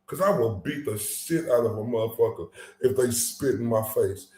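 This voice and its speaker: A man's voice: mid-range voice, moderate pace, dark tone. Angry profane man ranting in an echoey room. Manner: profane, angry and emphatic, stumbling restarts. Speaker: commentary channel host. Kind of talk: heated casual commentary.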